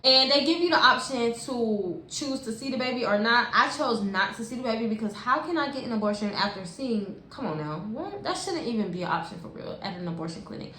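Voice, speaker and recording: Young woman, higher voice, animated and slangy storytime delivery straight to camera; echoey room. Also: fairly quick, few pauses. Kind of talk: casual storytime vlog. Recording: echoey room with faint hiss.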